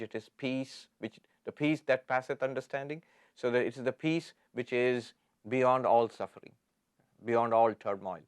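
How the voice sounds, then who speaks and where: A man delivers a spiritual lecture as a visiting monk. His voice sits at an ordinary middle pitch and sounds dry and close to the microphone. He chants Sanskrit lines slowly, then explains them with lively asides. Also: smooth, dry recording.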